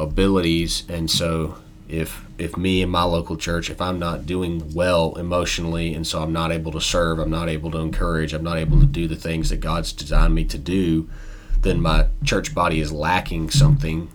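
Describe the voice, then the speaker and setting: A man hosting a faith-based podcast, talking in an earnest, reflective, steady way. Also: a bass voice, a little hiss or hum. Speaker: podcast host.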